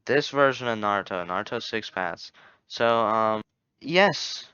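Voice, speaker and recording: Young guy rambling thru a game tier list, bright clear voice, kinda muffled dull mic. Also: fairly low pitch, expressive, a little slow, dry recording. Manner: rambling, self-correcting, jokey. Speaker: gaming YouTuber. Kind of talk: casual tier-list commentary.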